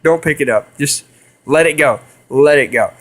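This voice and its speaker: A man's voice: on the high side, normal speed. A young man telling a rambling story to his viewers, repeating himself and hissing to mimic animals. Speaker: vlogger. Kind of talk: casual storytelling to camera.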